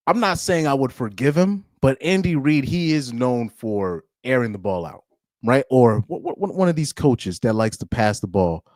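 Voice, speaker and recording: A man's voice: mid-range voice, darkish tone, no echo, clean studio sound. A man hosting a casual live stream, reacting to a football game and laughing often as he rambles. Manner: laughs often, loose and rambling with many restarts.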